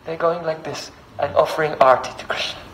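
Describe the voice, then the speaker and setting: A man's voice: a little high, steady tone, brisk, fairly bright tone, slight background noise, rough recording. A man giving a devotional sermon, telling a sacred story, reciting verses and often checking in with listeners with a questioning "hmm?". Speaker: speaker giving a devotional discourse.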